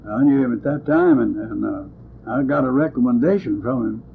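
Speaking briskly with a creaky, mid-range voice, an older man tells meandering, homespun stories about being a lawman. It's an oral history interview in ungrammatical country speech, preserved on tinny lo-fi tape full of hiss.

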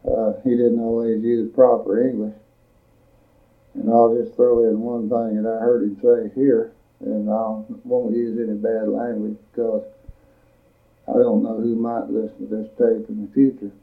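An older man, a veteran, recalling his wartime service in a plain-spoken, measured storytelling manner for an oral history recording. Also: on the low side, little pitch movement. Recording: tinny lo-fi tape recording.

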